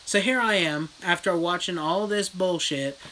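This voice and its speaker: Retelling a film with plenty of swearing, a horror vlogger reads live chat in a casual, blunt, animated livestream rant. The voice is mid-range and moderately paced, and the recording is low quality.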